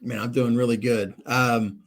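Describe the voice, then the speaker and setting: A man's voice: mid-range voice, steady tone, a little slow, vocal fry. A man hosting a podcast, chatting casually and rambling with lots of fillers and restarts. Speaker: podcast host. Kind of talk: casual conversational chat.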